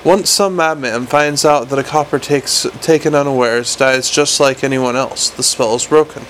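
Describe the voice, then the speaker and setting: A man's voice: mid-range voice, moderate pace, a bit bright, a little hiss or hum, low-quality recording. Man narrating a wry fantasy novel. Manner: wry, with small stumbles and restarts. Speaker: audiobook narrator.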